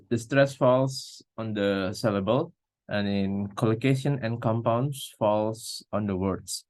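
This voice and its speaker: A young Indonesian-accented man presenting on stress placement for a class, slowing down on example words. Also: lowish voice. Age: young adult. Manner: reads plainly, slows to model stressed words. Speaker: student presenter.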